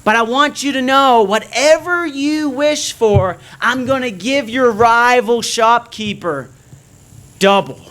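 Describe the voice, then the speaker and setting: A man voicing a male angel who grants wishes, speaking solemnly and deliberately. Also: very high voice, expressive, a bit bright, full character voice.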